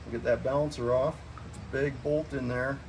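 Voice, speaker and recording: A man's voice: medium pitch, fairly even intonation, fairly quick, a little mellow, a little hiss or hum. A man working as a mechanic, explaining an engine teardown in an easygoing, folksy way. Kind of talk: casual shop talk to camera. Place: garage workshop.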